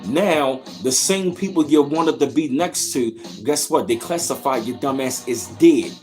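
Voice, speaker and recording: A man's voice: medium pitch, measured pace, darkish tone, soft background music. A man hosting his channel, ranting in heated reaction commentary with profanity and repeated rhetorical questions. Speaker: channel host.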